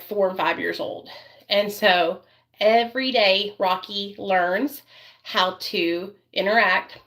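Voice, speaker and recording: A woman who is a parent vlogs casually as she does her makeup, rambling chattily with lots of fillers and fussing over her dog. Her voice is medium-pitched and a bit bright.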